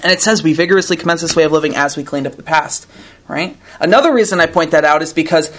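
A man's voice: on the high side, fast talker, a bit bright. Earnest guy sharing at a recovery meeting, reads a line then talks it through, lots of "right?". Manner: earnest, conversational, tags lines with "right?". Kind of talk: reading aloud and commenting to a group.

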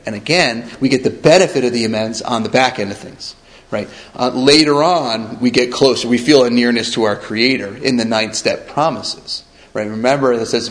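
A man's voice: medium pitch, rough recording. A man sharing a personal recovery story in a rambling, conversational way, with many restarts and frequent tag questions. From upstate New York. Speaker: recovery speaker.

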